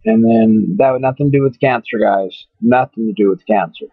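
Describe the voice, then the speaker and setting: A man telling a long story to his webcam in a halting, rambling way, repeating himself and cussing casually. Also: on the low side, slightly rough, dry recording. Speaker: webcam vlogger. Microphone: webcam microphone. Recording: dry, phone-like lo-fi webcam audio.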